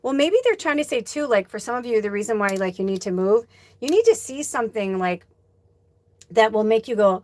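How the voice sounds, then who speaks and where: A woman's voice: a little high, normal speed. A woman spiritual medium talks casually on a livestream, loose and rambling, with the odd curse word. She reads viewer comments aloud and mulls over them as she goes. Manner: chatty storyteller, acts out quoted dialogue.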